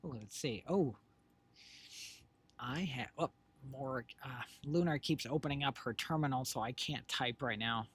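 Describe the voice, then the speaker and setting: A man's voice: mid-range voice, measured pace, a bit bright, husky. A middle-aged man co-hosting a home livestream, chatting casually to viewers in a rambling way, with lots of fillers and self-corrections. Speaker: stream co-host and creator. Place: home streaming setup. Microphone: desk microphone with headphones.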